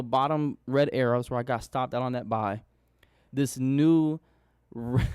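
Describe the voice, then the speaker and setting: A man's voice: mid-range voice, a little mellow, clean tone, no room sound, studio quality. Candid, rambling young man recapping trades. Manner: candid, rambling, swears casually. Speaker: forex trader vlogger. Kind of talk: casual screen-share recap.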